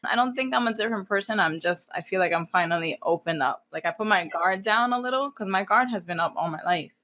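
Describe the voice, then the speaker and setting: Speaking fast in a medium-pitched voice that sounds pushed and bright, this event planner from New Jersey, in her thirties, guests on a candid casual interview. Her manner is blunt and full of swearing, and she reenacts things she's said in the past.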